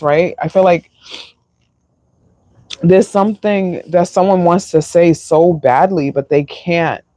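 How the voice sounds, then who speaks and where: Woman tarot reader, slow and emotional, dry close sound. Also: fairly low pitch, mellow, no room sound. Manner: slow, emotional, sighing, filler-heavy. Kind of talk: live-stream tarot reading.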